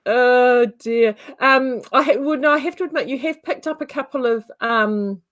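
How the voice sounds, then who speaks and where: A woman's voice: high voice, normal speed, a bit bright. A woman with a New Zealand accent hosting a casual livestream, chatty and rambling with many fillers. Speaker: yarn shop host.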